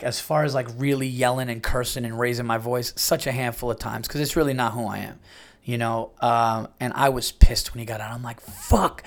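A man in his late thirties hosts a casual talk show, rambling through stories with plenty of swearing. His pitch sits in the middle of the range. He jumps into higher, louder voices whenever he quotes someone. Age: late 30s. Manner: animated, profane, acts out quotes in raised voices. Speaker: podcast host. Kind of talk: casual storytelling monologue.

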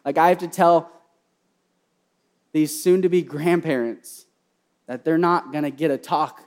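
High-voiced impassioned male preacher. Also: fairly even intonation, unhurried. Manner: impassioned preaching that swings from hushed storytelling to loud cries; repeats key phrases for emphasis. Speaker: pastor. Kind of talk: sermon.

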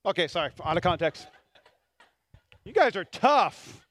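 A pastor preaching a sermon, a man who swings from quiet to shouted and drops joking asides to the congregation. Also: high-pitched, very animated, unhurried.

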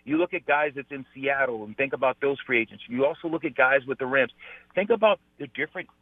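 A man's voice: mid-range voice, fast, no room sound. Emphatic man on a tinny phone line. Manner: emphatic, repeats "I tell you". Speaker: guest, former pro football player. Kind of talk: phone-in sports radio interview.

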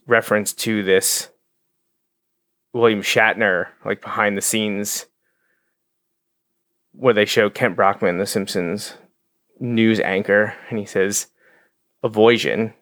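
Low-voiced man chatting on a podcast. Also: fairly even intonation, measured pace, a bit bright, no room sound. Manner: rambling, self-correcting, stammers on restarts. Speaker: podcast co-host. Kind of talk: casual chat.

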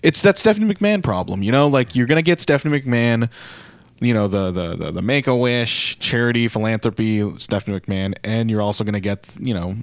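A man's voice: on the low side, a little fast, no room sound. A young man co-hosting a podcast, recapping wrestling matches move by move and adding dry asides. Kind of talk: casual recap chat.

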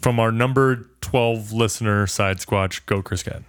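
A man's voice: fairly low pitch, fairly even intonation, measured pace, smooth. A man co-hosting a casual podcast, wry and teasing, with mock exasperation. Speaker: podcast co-host.

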